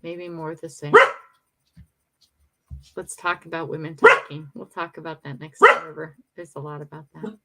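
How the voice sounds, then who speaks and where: Chatty older woman livestream host, gravelly. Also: low voice, fairly even intonation, normal speed, long pauses, bright, forceful tone. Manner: chatty, emotional, talks to viewers. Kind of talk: casual morning livestream chat.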